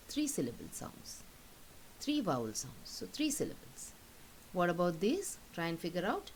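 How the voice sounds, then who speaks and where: A woman's voice: fairly low pitch, wildly swooping pitch, low-quality recording. A woman teacher giving a recorded lesson, patiently saying each word twice to model its pronunciation. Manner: patient, repeats words slowly to model pronunciation. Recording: faint hiss.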